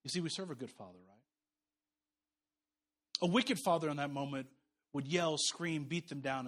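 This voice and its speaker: Preaching in his thirties, the man shifts between emphatic, loud declarations and quiet, soft-spoken stories. His pitch is fairly high, his speed normal, and he leaves long pauses.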